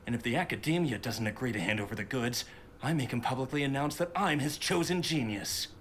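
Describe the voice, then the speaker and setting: An actor playing a bitter, resentful son in a game who talks coldly and grudgingly. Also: male voice, medium pitch, animated, brisk, a bit bright, slight background noise, lightly acted. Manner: cold, grudging.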